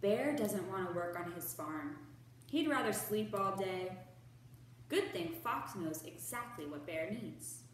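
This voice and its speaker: A woman's voice: medium pitch, expressive, unhurried. A woman children's librarian reading a picture book aloud at storytime in a playful, questioning way. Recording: echoey room, far from the mic, faint noise.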